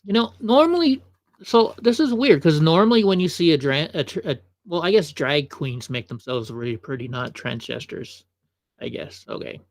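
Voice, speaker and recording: A man's voice: on the high side, expressive, normal speed, no echo, studio quality. Chatty man reacting on a livestream. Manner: chatty, offhand asides. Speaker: livestream host. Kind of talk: casual reaction commentary.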